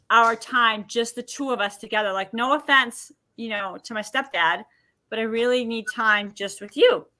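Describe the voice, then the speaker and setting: A woman guest on a podcast interview, telling personal stories and acting out what people said. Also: on the high side. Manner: animated storyteller acting out quotes. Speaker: podcast guest, emotion healer.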